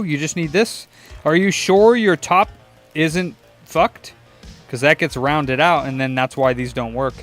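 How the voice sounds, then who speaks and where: A man's voice: fairly high pitch, measured pace, fairly bright tone, soft background music. A young man running a repair shop, chatting casually and swearing while he searches for parts and works, talking to himself and his viewers. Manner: profane, rambling, talks to himself and chat. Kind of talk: casual livestream chat while working.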